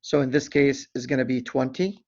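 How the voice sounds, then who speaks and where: A man's voice: medium pitch, vocal fry, muffled recording. A man teaching a statistics lesson in a screen-recorded walkthrough, reading the problem aloud and correcting himself as he goes. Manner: deliberate, reads problem aloud, self-correcting asides.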